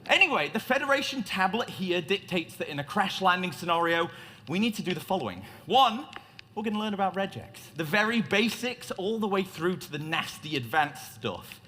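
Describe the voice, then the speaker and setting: A man's voice: high voice, sing-song, brisk, pushed and bright, slight background noise. Playful showman man in a hall. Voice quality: playful, joking showman delivery. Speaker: conference speaker. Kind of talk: theatrical tech talk. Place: large conference hall. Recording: reverberant hall.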